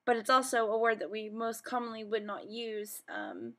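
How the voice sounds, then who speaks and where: A woman's voice: fairly high pitch, big pitch swings, moderate pace, a bit bright. A young woman with a Southern American accent, hosting a casual vlog and rambling with lots of fillers. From southern United States. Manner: rambling, many fillers and um's. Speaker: vlog host.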